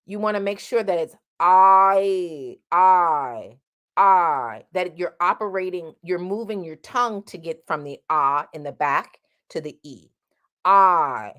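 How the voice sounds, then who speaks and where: A woman's voice: lowish voice, a bit bright. A woman teaching a singing lesson, explaining vowel sounds and singing short vowel demonstrations between her explanations.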